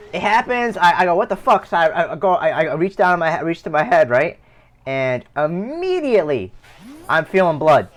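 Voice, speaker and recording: A young man streaming live, telling a rambling personal story with heavy swearing and many restarts. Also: on the high side. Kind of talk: casual storytelling.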